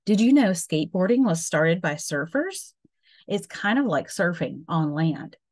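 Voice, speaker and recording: A woman voicing George, a playful, eager schoolboy, in a lively read-aloud voice. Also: fairly low pitch, measured pace.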